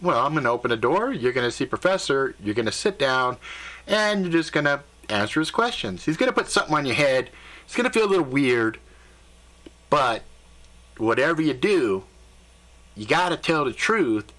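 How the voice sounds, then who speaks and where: A man's voice: mid-range voice, big pitch swings, fairly bright tone. A man doing a breezy alien elf guide. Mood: reassuring. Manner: casual, easygoing, fast explaining.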